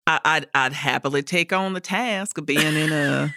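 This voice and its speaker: A woman co-hosting a podcast, chatting casually with quick, playful reactions. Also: low-pitched, pushed and bright, dry recording, studio quality. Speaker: podcast co-host. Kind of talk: casual chat. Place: Los Angeles.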